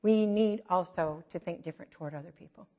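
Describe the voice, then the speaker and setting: A middle-aged woman preaches in a chatty, self-mocking way, with stories and quick asides. Her voice sits at an ordinary pitch for a woman. The recording is dull and lo-fi, with a long echo from a big hall. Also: dark tone. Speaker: church speaker. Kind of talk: conversational sermon.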